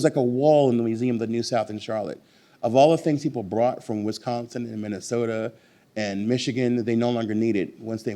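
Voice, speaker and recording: Animated man at a bookstore talk. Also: mid-range voice. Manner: animated, digressive, emphatic. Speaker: author and guest. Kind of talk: bookstore author conversation. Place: bookstore event.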